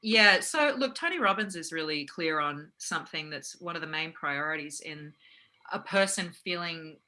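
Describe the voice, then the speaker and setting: Chatty woman, bright voice. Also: deep voice, normal speed, rough recording. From Australia. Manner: animated, laughs often, many fillers. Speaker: guest, actress and acting coach. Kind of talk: casual interview conversation.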